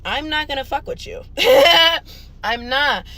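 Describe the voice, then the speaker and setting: A woman's voice: sits high, lively intonation, takes it slowly, bright, forceful tone, low-quality recording. A young woman telling a storytime to camera, blunt and profane. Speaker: storytime vlogger. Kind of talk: casual storytime rant.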